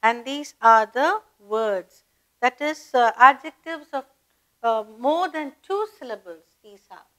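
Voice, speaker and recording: Woman, Indian English accent, grammar teacher, deliberate dictation, high voice. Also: lively intonation, sharp tone, low-quality recording. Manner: deliberate, dictating word lists. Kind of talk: slow classroom grammar lesson.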